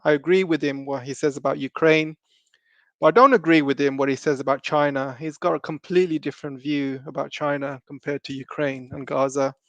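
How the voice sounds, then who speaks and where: A man's voice: a little high, creaky, no echo. A man hosting a live stream, talking loosely with many ums and restarts.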